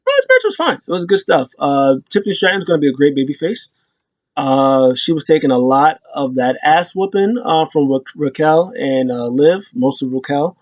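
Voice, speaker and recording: Very animated and speaking at a normal speed, a man casually recaps wrestling, rambling with plenty of fillers and restarts. When he quotes people he jumps into loud, high voices, and the recording is dry.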